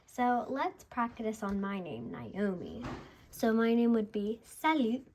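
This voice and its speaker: A woman hosting her own channel, giving a casual beginner language lesson, chatty, repeating words and pronouncing them slowly and deliberately. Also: fairly high pitch, animated, a little mellow. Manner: chatty, repeats and restarts, slow deliberate pronunciation. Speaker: language teacher, channel host.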